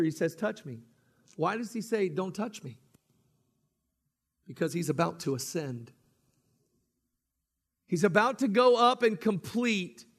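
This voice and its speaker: A man preaching a sermon, swinging from booming emphasis to hushed, intimate passages, with slow, deliberate stresses.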